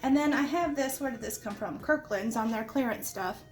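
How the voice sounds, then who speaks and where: Soft music plays behind a middle-aged woman hosting a laid-back home decor vlog from her living room. Her voice is fairly high and her pace moderate. She's warm and talkative, with frequent asides and an occasional cough from being slightly unwell, and the camera nearby gets shifted as she goes.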